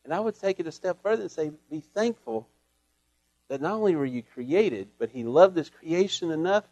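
A man preaching a sermon with a slightly raised voice. He speaks earnestly, stammers and repeats words, and swings from loud emphasis to hushed asides. The sound is close and dry. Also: a little high, expressive, normal speed, no echo.

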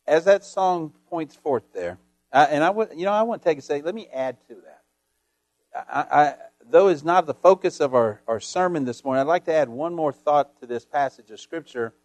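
A man's voice: fairly high pitch, lively intonation, normal speed, a little mellow, no room sound. A male pastor preaching a sermon, reading scripture and telling folksy stories with frequent calls of "Amen?".

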